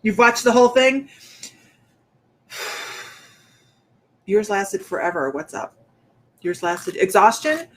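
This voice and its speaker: A woman's voice: mid-range voice, lively intonation, slow, pauses often. Breathless chatty woman medium host. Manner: rambling, chatty, greets viewers by name. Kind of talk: casual livestream chat.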